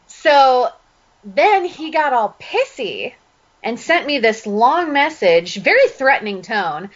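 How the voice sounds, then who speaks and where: A woman's voice: high voice, slow pace. Laughing, chatty woman telling a story. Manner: animated storytelling with frequent laughs. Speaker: podcast co-host. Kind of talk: casual chat. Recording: dull lo-fi audio.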